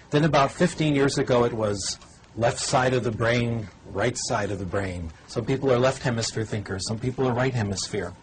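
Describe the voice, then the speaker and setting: A man's voice: mid-range voice, poor audio. Older guy lecturing on language learning, easygoing and wry, faint room hiss. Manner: conversational, wry, demonstrative teacher. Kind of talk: lecture demonstration to a TV audience.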